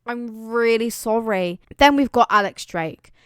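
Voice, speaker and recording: A young British woman talks straight to camera in a chatty, dramatic way, piling on playful exaggeration. Her voice is smooth and clear, and the dry, close recording carries no room sound. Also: fairly high pitch, unhurried, fairly bright tone, no room sound. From Britain. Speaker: vlogger. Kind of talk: casual chat.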